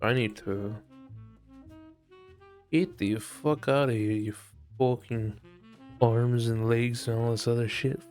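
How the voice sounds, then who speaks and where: A man's voice: medium pitch, fairly even intonation, takes it slowly, pauses often, darkish tone, soft background music. A man live-streaming while he sculpts, chatting casually and joking in a profane, mock-aggressive way.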